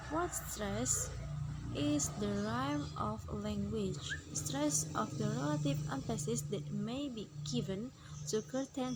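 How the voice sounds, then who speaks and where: A young woman student, a native Indonesian speaker, reading a phonology class presentation aloud slowly and carefully, with a few hesitant restarts. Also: a little high, poor audio. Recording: faint background noise.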